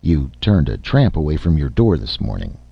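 A man's voice: very deep voice, wildly swooping pitch, moderate pace, creaky, husky, no echo, heavily acted. A man voicing an insolent, sneering male dwarf who talks in an elaborate mocking drawl. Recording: slightly muffled lo-fi recording.

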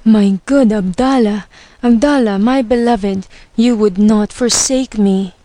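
A woman voicing a grieving desert tribesman in a storybook reading, slow and tender. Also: mid-range voice, dark tone, no room sound, natural voice. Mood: grateful. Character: grieving desert tribesman, loyal to his horse.

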